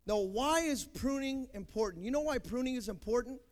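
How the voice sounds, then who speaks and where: Young male pastor, very high-pitched, preaching with emphatic swells and soft asides. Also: animated, normal speed. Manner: preaching, rising to loud emphatic peaks then dropping soft. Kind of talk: sermon.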